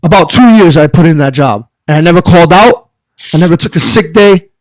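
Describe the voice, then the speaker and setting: A man telling stories as a podcast guest, heated, profane and animated. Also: on the high side, brisk, no echo, rough recording. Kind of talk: casual storytelling.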